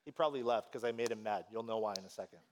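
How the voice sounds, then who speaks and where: A man preaching a sermon as pastor, telling a story with lively, animated delivery and acting out voices. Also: lowish voice, racing.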